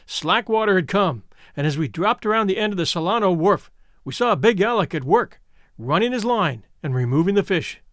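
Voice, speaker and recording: A man narrating a classic adventure story in an expressive, animated way. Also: high voice, normal speed, no room sound, studio quality. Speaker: audiobook narrator.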